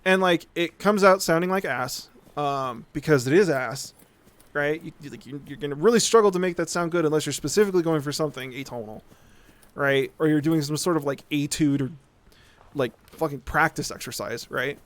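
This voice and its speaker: A man's voice: fairly high pitch, a little fast. A man streaming a game, rambling in a casual, profane rant and checking in with "right?" as he talks. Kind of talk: casual live-stream rant while gaming.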